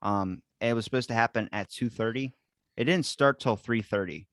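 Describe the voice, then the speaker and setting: A man's voice: mid-range voice, brisk, a bit bright, dry recording, studio quality. A young man hosting a podcast in casual chat, rambling and swearing with a jokey edge. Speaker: podcast host.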